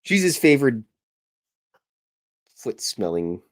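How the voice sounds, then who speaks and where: A man's voice: mid-range voice, sing-song, slow. A middle-aged man from Canada who hosts a show, chatting casually while he draws cartoons, full of jokes and self-deprecating asides. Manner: joking, self-deprecating, meandering. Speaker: podcast host and cartoonist. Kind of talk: casual rambling chat while drawing.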